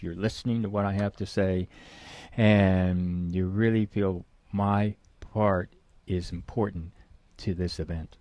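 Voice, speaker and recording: A man's voice: lowish voice, darkish tone, dry recording. A middle-aged man, a guest expert, explaining in conversation to an interviewer and acting out example phrases with emphasis.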